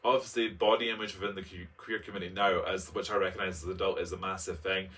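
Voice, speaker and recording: A man in his late twenties with a lower-pitched yet bright, forceful voice reads his old essay and stops often for camp, playful commentary. He sits a little back from the mic, so his voice sounds slightly distant. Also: quick pace, slight background noise. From Scotland. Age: late 20s. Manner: expressive, camp, playful asides. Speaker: vlogger. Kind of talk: reading a personal essay aloud and commenting on it.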